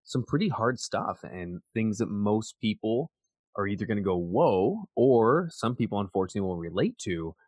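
A man's voice: fairly low pitch, expressive, moderate pace, a little mellow, husky, no echo. A man hosting an interview, asking rambling, searching questions. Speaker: podcast host. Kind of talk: casual interview.

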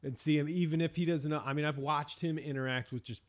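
A man's voice: on the high side, fairly even intonation, fast. A middle-aged man from New England hosting a podcast, telling stories in a rambling way with many restarts and fillers. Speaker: podcast host. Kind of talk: casual chat.

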